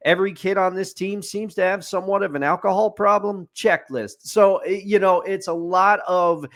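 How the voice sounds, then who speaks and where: A man's voice: high-pitched, steady tone, moderate pace, a bit bright. A man co-hosting a podcast, giving an opinionated, rambling movie review in casual chat with fillers and restarts. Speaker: podcast co-host. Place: studio.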